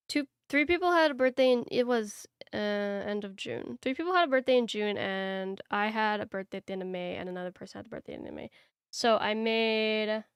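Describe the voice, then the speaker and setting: A woman's voice: medium pitch, creaky, clean tone, no echo, studio quality. A woman co-hosting a podcast, chatting casually and telling loose stories with fillers. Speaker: podcast co-host. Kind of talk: casual chat.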